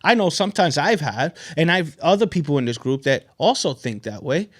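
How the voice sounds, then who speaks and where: A man hosting a podcast, telling a motivational story in a loose, conversational way, often repeating himself and checking in with "right?". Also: fairly quick. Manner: animated, swings in pitch and loudness. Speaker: podcast host.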